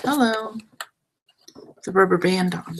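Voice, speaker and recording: Slow-talking creaky woman crafting live. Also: lowish voice, rough recording. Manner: chatty, self-deprecating, trailing off while working. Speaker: craft livestream host. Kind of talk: casual crafting demo.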